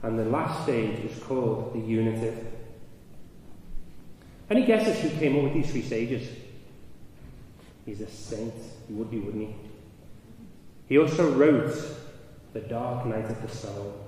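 A man's voice: mid-range voice, expressive, unhurried, pauses often. Man, conference talk, storytelling, long hall echo, distant mic. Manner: storytelling, rising and loud in anecdotes. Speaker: speaker. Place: large hall. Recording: echoey hall, mic from afar, noisy.

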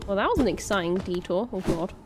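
A woman giving casual, excitable commentary as she plays a game, gasping and swearing at enemies. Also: medium pitch, fast talker, very noisy. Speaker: gaming streamer. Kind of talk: casual let's-play commentary. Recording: game music playing behind. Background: game music.

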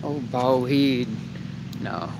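Extremely slow and very deep, a woman's voice comes through heavy noise as she vlogs, talking casually to viewers at home and later out on the porch. Her manner is chatty and animated, aimed straight at the camera.

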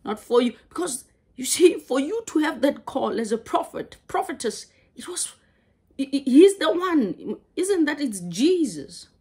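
A woman preaching a sermon, halting and repeating words as she goes. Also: sits high, very animated, warm tone.

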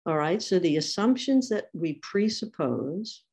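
Woman symposium lecturer, slow and deliberate, dry wry humor. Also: lowish voice, lively intonation, darkish tone. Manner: wry asides while quoting thinkers. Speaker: symposium speaker. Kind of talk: academic lecture.

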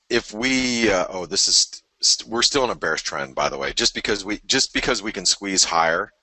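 Early in the morning, a tired, yawning male trading show host talks through market charts live in a loose, rambling way, with many fillers and restarts. His voice is low-pitched, bright and forceful, with no room sound but poor audio.

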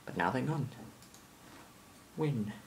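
A man's voice: medium pitch, lively intonation, slow, creaky. A British teenage boy vlogging casually at home, rambling and mocking himself as he walks through the house with a handheld camera. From Britain. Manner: rambling, self-mocking, offhand. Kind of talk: casual vlog. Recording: loud background noise.

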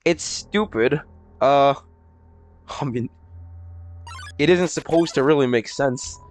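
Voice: medium pitch, slow. A livestreamer chatting casually with viewers, reading chat aloud, laughing often and swearing between bursts of silly voices. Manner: giggly, rambling, swears, breaks into silly voices.

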